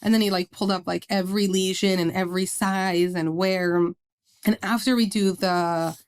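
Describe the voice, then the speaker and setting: A woman's voice: mid-range voice, normal speed, clear, resonant tone. A woman in her thirties, a podcast guest, telling her story conversationally with lots of "like" fillers and acted-out quotes. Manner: animated retelling with many "like" fillers, acting out quotes.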